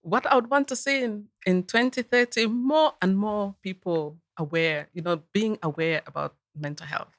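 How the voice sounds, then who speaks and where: A woman mental health trainer speaking earnestly and in a measured way on a webinar panel, often saying "you know". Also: mid-range voice, dry recording, studio quality. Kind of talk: panel discussion.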